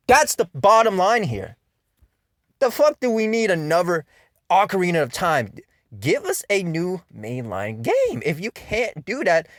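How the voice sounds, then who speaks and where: A man's voice: high voice, no echo, studio quality. Man ranting in exasperated commentary. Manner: profane, exasperated, fillers "you know" and "man". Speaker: video game commentator.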